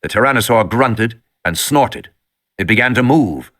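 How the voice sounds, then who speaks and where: Lively bright-voiced male audiobook narrator. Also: medium pitch, normal speed. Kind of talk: scripted narration.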